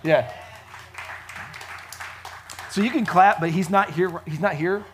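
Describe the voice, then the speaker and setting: A man preaching a casual sermon at a church service, chatty and joking, with frequent fillers and lively swings in loudness. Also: high voice, slow, a little hiss or hum. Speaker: pastor.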